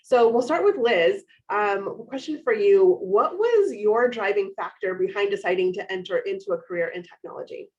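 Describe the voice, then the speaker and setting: A woman at a mid pitch hosts a panel and keeps it moving. She responds to each speaker in an upbeat, affirming way. The audio comes through a little dull and muffled. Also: lively intonation, moderate pace, hardly any pauses. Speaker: panel moderator. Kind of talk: moderating a panel discussion.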